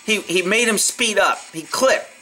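A man's voice: sits high, measured pace, bright, forceful tone, faint music behind. A man giving blunt, profane, opinionated commentary over a horse training video.

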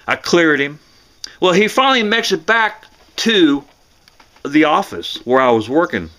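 An older man, a former police dispatcher, telling a story in a casual, animated way and acting out the voices of the people in it. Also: fairly high pitch, measured pace. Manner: animated, acts out voices in the tale, chuckles.

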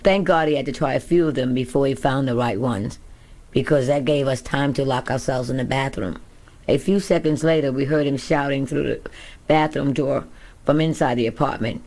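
A woman's voice: extremely low pitch, normal speed, a little mellow. A woman narrating her own memoir as an audiobook in a candid, first-person storytelling manner. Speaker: author reading her memoir.

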